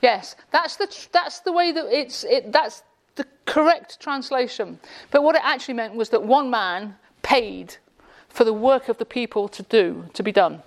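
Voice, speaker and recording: A woman lecturer with a slightly high voice teases a live group with sarcastic quiz questions. She mixes jokes into a classroom talk in an indoor room. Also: lively intonation, moderate pace, few pauses. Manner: quizzing the audience.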